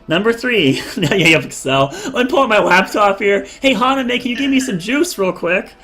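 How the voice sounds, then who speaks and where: Guy dm reading out riddle clues slow, says them twice. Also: high-pitched, animated, bright, forceful tone, faint music behind. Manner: reads clues slowly and repeats them. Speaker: dungeon master. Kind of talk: running a tabletop game, reading riddle lines.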